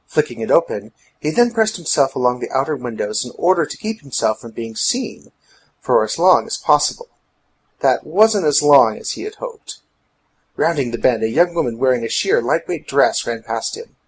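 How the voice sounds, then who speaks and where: Male audiobook narrator, husky, animated rises and falls. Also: medium pitch, moderate pace, poor audio. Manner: dramatic, storytelling.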